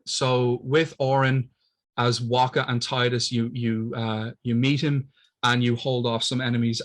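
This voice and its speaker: A man's voice: medium pitch, little pitch movement. A man hosting a gaming podcast, retelling a video game plot in casual chat, rambling with fillers. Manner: rambling, quick, with fillers and profanity. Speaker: podcast host.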